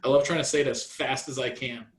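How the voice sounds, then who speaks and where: A man coaching real estate agents in a training session, energetic and repetitive. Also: medium pitch, fast, echoey room, poor audio.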